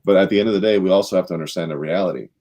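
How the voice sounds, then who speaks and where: Middle-aged man, low and warm voice, animated storyteller on a panel. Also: rapid-fire. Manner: animated storyteller, acts out quotes with rising pitch. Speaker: panel guest, former sales director. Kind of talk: storytelling in a leadership panel talk.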